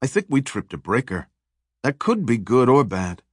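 A man reading an easygoing male hero, brisk. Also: mid-range voice, sing-song, breathy edge, dry recording, studio quality. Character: brave, joking male hero on an escape.

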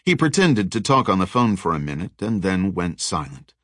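A man's voice: sits low, big pitch swings, moderate pace, a bit bright, no echo. A man reading an audiobook in a wry, dry storytelling manner. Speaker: audiobook narrator. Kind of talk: scripted narration.

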